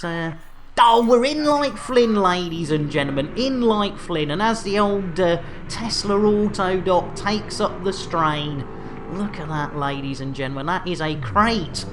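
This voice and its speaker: Live-streamer, jolly showman banter, lively pitch, home desk mic. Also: measured pace, noisy background. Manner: jolly, chatty, music-hall showman patter. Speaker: game streamer. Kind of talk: casual live-stream chat.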